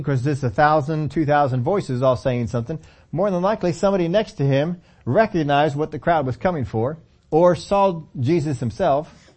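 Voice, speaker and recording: A man's voice: a little high, darkish tone. A man preaching a sermon in a conversational way, acting out lines of scripture dialogue as he tells the story.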